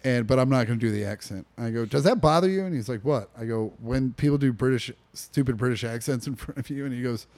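A man's voice: mid-range voice, fairly even intonation, quick pace, few pauses, a little mellow. A young man co-hosting a casual podcast from a living room, rambling with lots of fillers, restarts and swearing. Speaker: podcast co-host.

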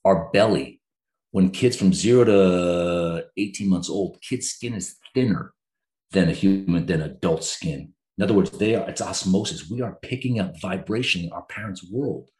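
A man's voice: deep voice, moderate pace, a little mellow. A middle-aged man, a therapist, speaking earnestly and openly about his own life in a conversation. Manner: earnest, emotionally open, reflective. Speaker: therapist, guest. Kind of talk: candid conversational storytelling. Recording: roomy echo.

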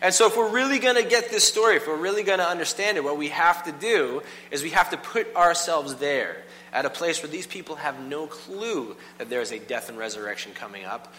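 A man preaching a casual, animated sermon, full of "like" and quick asides to the congregation. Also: on the high side. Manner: animated, filler-heavy with frequent "like". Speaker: pastor. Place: church hall. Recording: long hall reverb, faint hum.

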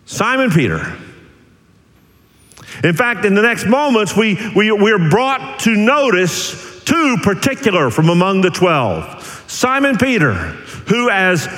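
A man pastor preaching an expository sermon, emphatic, with dramatic pauses. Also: sits high, big pitch swings, fairly bright tone, in a large hall, rough recording.

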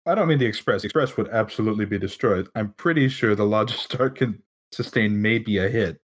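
A man's voice: fairly low pitch, fairly quick, slightly rough. A man playing a tabletop game who speaks in a direct, reasoning way. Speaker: player.

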